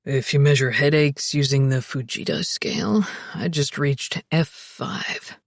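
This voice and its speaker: A woman voicing a weary, hungover young man in an audiobook, gruff and bitter. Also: extremely low pitch, steady tone, a little slow, no echo, clean studio sound, pitched below the performer's own voice, full character voice. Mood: sullen.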